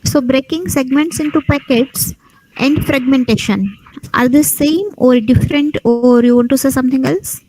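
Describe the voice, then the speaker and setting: A woman teacher, firing brisk, probing questions at students in an oral lab exam over a video call. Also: sits high, darkish tone, a little hiss or hum, low-quality recording. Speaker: teacher conducting a lab viva.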